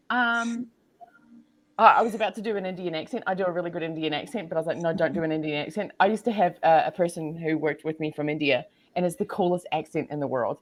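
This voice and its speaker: A woman from New Zealand, a guest entrepreneur in a casual interview, talks fast in a bubbly, animated way. She bursts into sudden high exclamations.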